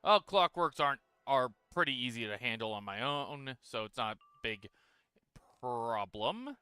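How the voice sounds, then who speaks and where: A man narrates his moves in a video game as he streams it, in a relaxed, casual way and a little tired. His voice is bright and crisp. The sound is close and dry, with no room echo. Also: mid-range voice, a little slow. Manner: relaxed, talks through his moves while playing. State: tired, yawning. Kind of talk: casual gameplay commentary.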